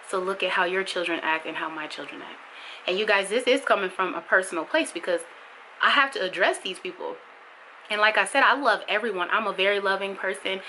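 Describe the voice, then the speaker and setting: A woman's voice: a little hiss or hum, rough recording. A young adult woman vlogging candidly, talking with strong feeling and repeating herself for emphasis. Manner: impassioned, emphatic, repetitive for emphasis; bursts high and loud when mimicking others. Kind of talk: candid vlog monologue.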